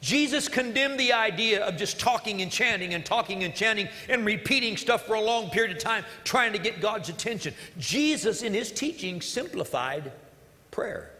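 A man's voice: high-pitched, expressive, normal speed, bright, forceful tone, in a large hall. A male pastor preaching a sermon in an earnest, emphatic way, repeating key phrases, during a church service.

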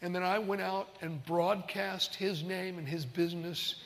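A man's voice: high-pitched, fairly even intonation, a little slow, fairly bright tone, long reverb tail. A man preaching a sermon as a pastor, telling stories in an easygoing, conversational way in a large auditorium.

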